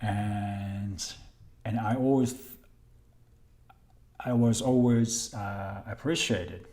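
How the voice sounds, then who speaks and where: A man chatting casually on a live stream as a kendo instructor, reading viewer comments with a halting, polite manner. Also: lowish voice, dark tone. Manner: hesitant, halting, many restarts while reading names; polite, thanks viewers often.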